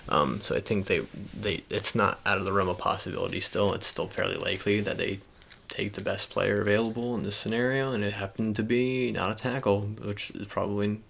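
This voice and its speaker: Low gravelly soft-spoken man rambling. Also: fairly even intonation, a little fast, hardly any pauses, a little hiss or hum. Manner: rambling, casual, many fillers and restarts. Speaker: ASMR channel host. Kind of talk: soft-spoken ASMR sports talk.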